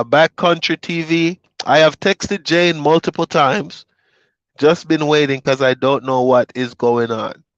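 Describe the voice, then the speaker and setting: Jamaican-born trucker, chatty and dry. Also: male voice, on the high side, no room sound, muffled recording. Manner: relaxed, rambling storytelling with fillers. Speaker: truck driver vlogger. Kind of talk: casual chat to viewers.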